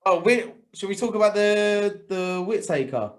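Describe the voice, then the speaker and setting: A man's voice: high voice, lively intonation, a little slow. A man chatting casually as a podcast co-host, laughing often and swearing freely. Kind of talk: casual sports podcast chat.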